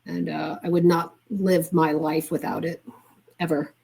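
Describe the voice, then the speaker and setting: An older woman with a somewhat low voice speaks as a guest on a talk show. She tells her story in an earnest, heartfelt way and keeps it conversational. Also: level tone, a little slow, creaky, warm tone, slightly rough. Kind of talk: casual conversation.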